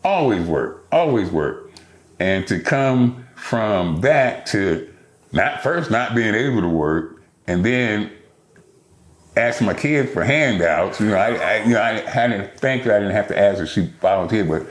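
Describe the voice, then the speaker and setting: An older man telling stories as a podcast guest, animated and profane, acting out other people's lines. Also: on the low side, unhurried, echoey room. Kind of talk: storytelling interview.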